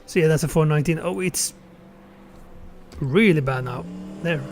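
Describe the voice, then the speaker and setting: A man's voice: fairly high pitch, moderate pace, noisy background. A man giving casual live commentary on a sim racing qualifying session, thinking aloud and correcting himself as he goes.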